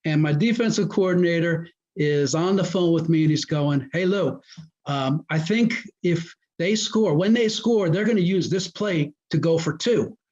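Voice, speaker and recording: In a relaxed storytelling interview, a New Jersey man who once coached high school football recalls old stories, performing the quoted dialogue with gusto. He speaks at a moderate pace over muffled, lo-fi audio.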